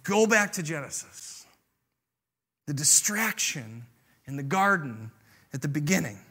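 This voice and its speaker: A man preaching with a high, bright voice that rings out over the congregation. He keeps it lively and playful and pulls the crowd into the story. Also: measured pace, slightly rough. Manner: animated, playful preaching with audience interaction. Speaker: pastor. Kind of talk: sermon.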